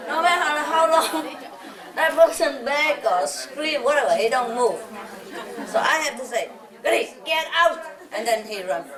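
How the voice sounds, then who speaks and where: A woman's voice: high voice, moderate pace, a crowd in the background. A woman telling casual stories to a gathering in a playful, fond way, often breaking into chuckles. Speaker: spiritual teacher speaking to a gathering. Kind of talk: casual anecdotal talk to an audience. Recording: roomy hall, distant mic, audience laughter. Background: audience laughter.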